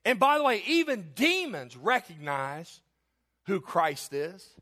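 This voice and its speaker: High, bright-voiced male pastor preaching. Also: big pitch swings, takes it slowly. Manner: emphatic, repetitive, joking asides. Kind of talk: sermon.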